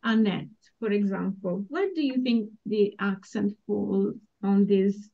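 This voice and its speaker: A woman teaching a language class over a video call, slowly and patiently modeling words for students to repeat. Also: medium pitch, gravelly. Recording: dull lo-fi call audio.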